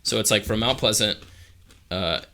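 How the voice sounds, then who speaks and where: A man's voice: lowish voice, moderate pace, gravelly, sharp tone. A young man co-hosting a podcast, telling a story in a laid-back way, swearing freely and filling with "like". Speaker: podcast co-host. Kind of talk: casual chat.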